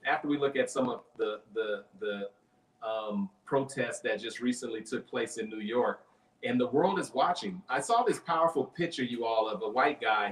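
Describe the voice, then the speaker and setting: A man's voice: medium pitch, a bit bright, reverberant, recorded from a distance, poor audio. Earnest male talk show host. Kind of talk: conversational show hosting.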